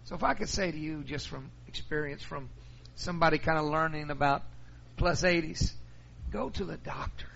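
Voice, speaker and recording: A man's voice: fairly high pitch, normal speed, creaky, a bit bright, highs cut off. A middle-aged man, a pastor telling folksy stories in a sermon. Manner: folksy storytelling.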